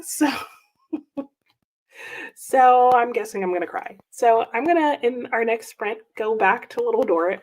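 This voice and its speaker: A woman hosting a casual reading livestream at her desk at home, upbeat and chatty as she reads viewer comments aloud and reacts with little exclamations. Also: medium pitch. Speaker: livestream host. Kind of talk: casual live-chat reading stream.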